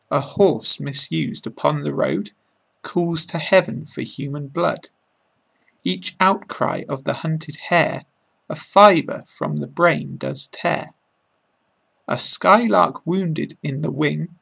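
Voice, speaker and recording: A man reads verse aloud at a very unhurried pace. His voice is gravelly, with a husky edge. He sounds like a teacher taking learners through a poem line by line. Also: a little high, a bit bright. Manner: slow, deliberate recitation. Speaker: English teacher and podcaster. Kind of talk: slow poetry reading for learners.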